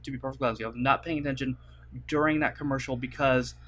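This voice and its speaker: Rapid-fire and fairly bright, a young YouTuber's medium-pitched voice stays fairly even in intonation. He's making a casual vlog to camera at his computer desk, rambling with lots of fillers and apologies, recorded on a desk mic at his webcam setup.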